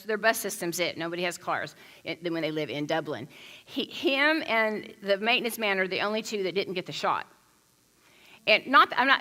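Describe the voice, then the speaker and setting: Bright, animated woman preaching. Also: mid-range voice. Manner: animated, chatty storytelling with frequent restarts. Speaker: pastor. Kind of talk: conversational sermon.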